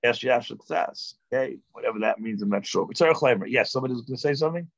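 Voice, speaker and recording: Rabbi lecturing, halting restarts, lo-fi. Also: male voice, mid-range voice, vocal fry, no room sound. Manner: thinking aloud, halting with restarts and filler sounds. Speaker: rabbi teaching a class. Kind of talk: text-study lecture.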